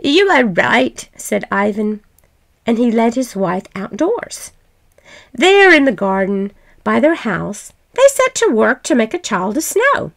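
A woman reading a fairy tale aloud in a gentle, expressive way. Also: on the high side, measured pace, gravelly. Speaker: storyteller.

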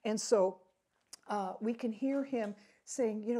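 Woman teaching bible class, slow and careful, kinda husky breathy voice, repeats stuff for emphasis. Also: on the high side, dark tone. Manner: slow, deliberate, repeats key phrases; laughs at her own slips.

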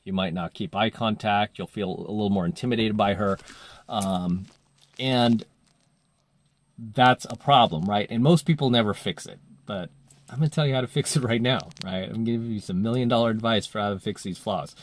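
A man's voice: lowish voice, moderate pace. A man coaching dating, telling a story in a casual monologue, full of fillers, and acting out the voices he quotes.

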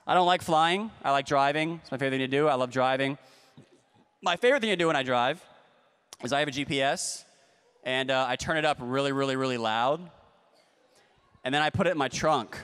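A man doing a stand-up comedy set, with a deadpan, ironic delivery and playful asides to the crowd. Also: medium pitch, a little fast, pauses often, clean tone. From United States. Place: large convention hall stage. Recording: long hall reverb.

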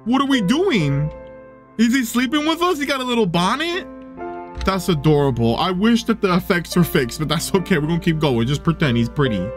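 Young male gaming host, high lively voice, excitable and chatty, home desk mic, soft game music underneath. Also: a little fast. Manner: excitable, coos and gasps, chatty asides. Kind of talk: let's play commentary.

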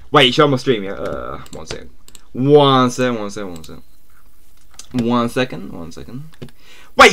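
Chatting casually with his viewers during a live game stream, this man tacks "yeah?" onto nearly every phrase. He shouts whenever something catches him off guard, and his voice is mid-range.

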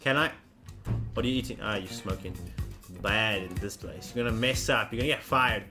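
A man commentating a game he is playing, excitable and often laughing while he talks to the characters on screen. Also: fairly low pitch, a little fast, soft background music. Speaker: gameplay commentator. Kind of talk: let's play commentary.

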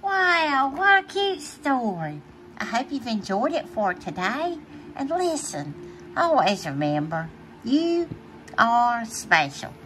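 A woman reads a children's storybook aloud in a high, bright voice that swoops up and down. She takes it slow and playful and laughs often between pages. A faint hiss sits under the recording. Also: very animated. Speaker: storybook reader. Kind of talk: reading a picture book aloud to children.

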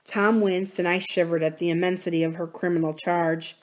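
Low-voiced woman reading a novel. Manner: measured, even storytelling. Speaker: library reader.

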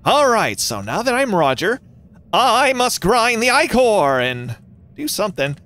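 A young man streaming a game and chatting to viewers, excitable and giggly, breaking into squeals and shouts. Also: high-pitched, unhurried. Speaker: gaming YouTuber. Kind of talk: live gameplay commentary.

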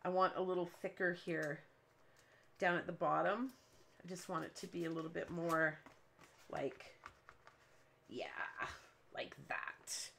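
A woman's voice: lowish voice, steady tone, measured pace, vocal fry, long pauses, fairly bright tone, a little hiss or hum. A woman hosting a cardmaking livestream from her home craft room, chatting and telling long stories while she works. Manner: chatty, rambling storyteller who laughs often. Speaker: cardmaking show host.

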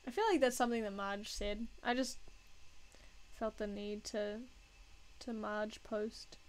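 A woman's voice: medium pitch, steady tone, a little slow, slight background noise, poor audio. A woman casually chatting and joking at her own expense while she draws on a live stream. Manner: self-mocking, joking, laughs often.

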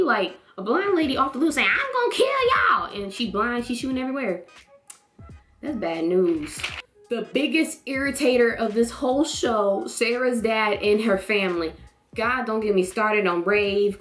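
A woman chatting casually in a vlog, reacting to a TV show with animated, slangy talk. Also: mid-range voice. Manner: animated, expressive, jumps into voices of characters.

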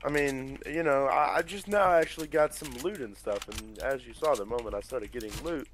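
A young man at an average pitch talks in a hesitant, evasive way, leaning on fillers as he dodges questions. His voice comes through noisy game-chat audio with gunfire going off behind him. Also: brisk. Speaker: hired player posing as a streamer. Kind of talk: casual gaming chat.

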